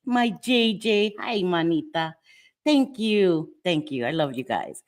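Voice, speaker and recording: Middle-aged woman, slightly low voice, rambling warm-hearted livestream chatter, laughs a lot. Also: lively intonation, takes it slowly. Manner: chatty, laughs often, drifts between topics, greets viewers by name. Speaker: livestream host. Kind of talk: casual livestream chat greeting viewers.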